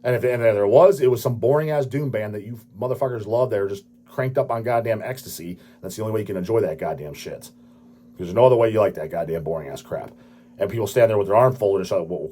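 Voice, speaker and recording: Male host, late 30s, husky voice, crude profane ranting delivery. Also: lowish voice, dark tone. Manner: crude, swearing, dismissive ranting. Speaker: channel host answering viewer questions. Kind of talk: profane ranting casual talk.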